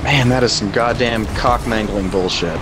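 A young man streaming a car soccer game, chatting casually with crude jokes and shouting at plays. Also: on the low side, normal speed, noisy background.

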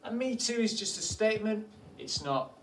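A man's voice: high voice, animated, moderate pace, slight background noise. Male teacher going through a lesson, patient, asks then answers, bit far from the mic in an echoey room. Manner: patient, asks the class questions and answers them. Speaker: primary school teacher. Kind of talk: classroom lesson explanation.

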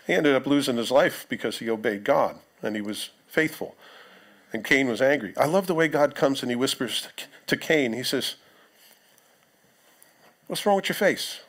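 A pastor, preaching a sermon in a conversational way, with joking asides to the congregation. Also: male voice, medium pitch, moderate pace, fairly bright tone. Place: church sanctuary.

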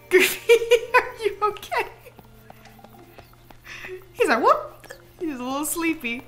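A woman's voice: high-pitched, takes it slowly. Giggly young woman streamer. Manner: giggly, playful, animated. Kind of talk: casual gameplay chat. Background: faint game music.

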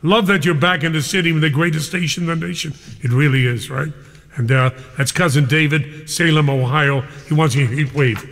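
An older man hosting a live radio show, effusive and excited, reading out listener emails and chatting with callers. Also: a little high, a little fast, big-room sound. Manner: exuberant, effusive, reads listener emails aloud. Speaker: radio DJ host.

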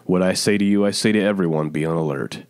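Urgent, emphatic low-voiced man preaching. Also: fast, a little mellow, no room sound, clean studio sound. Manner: urgent, emphatic, repetitive exhortation. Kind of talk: online sermon teaching.

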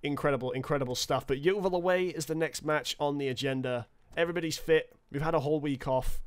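A man, casually and excitably commentating his own football video game. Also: on the high side, fast, clear, resonant tone. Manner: excitable, chatty, self-correcting. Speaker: gaming commentator.

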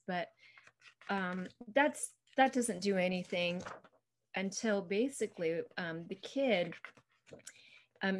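A woman's voice: medium pitch, slight background noise. A woman author chatting on a video call, retelling her book's story in a chatty way full of "um" and "you know". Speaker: children's book author. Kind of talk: casual interview, retelling a story.

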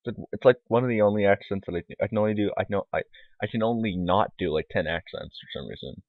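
Deep-voiced man rambling over a game. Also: quick pace, no room sound. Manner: rambling, mumbled asides with many fillers. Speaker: gaming YouTuber. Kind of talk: casual let's-play commentary. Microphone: desktop microphone. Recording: tinny lo-fi dry mic.

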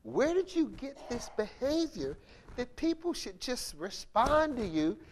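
A man's voice: very high-pitched, very animated, measured pace, slight background noise. A man preaching a sermon, talking with his congregation in a conversational way, laughing and calling for responses. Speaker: bishop, preacher.

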